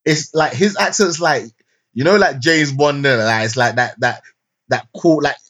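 Young guy on a podcast, rambly, lots of ums and slang, mid-pitched voice. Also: moderate pace, fairly bright tone. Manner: rambling with many fillers and restarts, slangy. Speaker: podcast co-host. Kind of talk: casual chat, film review. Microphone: remote call mic.

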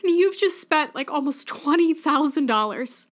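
A woman's voice: sits high, animated, moderate pace. A woman hosting a podcast, speaking candidly and emotionally in a reflective personal monologue. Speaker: podcast host.

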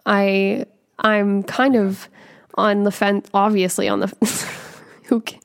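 A woman with a mid-pitched voice co-hosts a casual podcast. She chats in a relaxed way and adds thoughtful comments to the discussion. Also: slow. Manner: reflective, adds comments and agreement. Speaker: podcast co-host. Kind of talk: casual chat.

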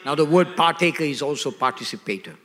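Older man, preacher, sermon, emphatic, call-and-response, high voice, echoey hall. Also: animated, fast, fairly bright tone.

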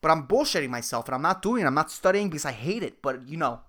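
A man's voice: fairly high pitch, sing-song, fast talker, a bit bright. A young man, hosting a solo podcast and ranting angrily with lots of swearing. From Puerto Rico. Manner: angry, profane, ranting. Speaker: podcast host.

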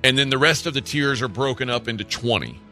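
A man's voice: mid-range voice, expressive, fast talker, sharp tone, faint music behind. A man co-hosting a sports radio show, easygoing and thinking aloud in casual chat. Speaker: co-host.

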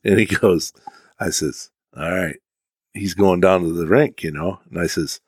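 A man's voice: low-pitched, measured pace, husky, dry recording, clean studio sound. An American man chatting casually on a podcast, chiming in and laughing along with the story. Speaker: podcast co-host. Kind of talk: casual chat.

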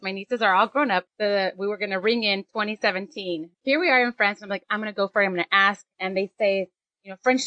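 A woman in her forties telling a travel anecdote on a casual podcast, animated and self-mocking. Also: mid-range voice, no echo, dull audio. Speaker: podcast co-host. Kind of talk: casual storytelling chat.

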